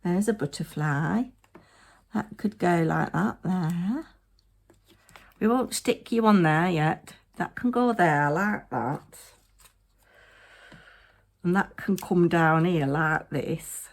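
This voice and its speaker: A woman's voice: fairly low pitch, lively intonation, slow, gravelly, long pauses. A tired woman giving a chatty crafting narration, muttering to herself with playful asides.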